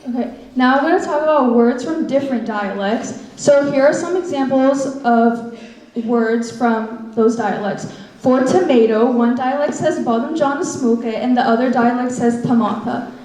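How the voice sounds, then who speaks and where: A teenage girl with a mellow, fairly high voice reads out a prepared presentation. She moves through her points in a steady, list-like rhythm. A big hall echo surrounds her. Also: unhurried. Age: teens. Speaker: student presenter. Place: school event hall. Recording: echoey hall.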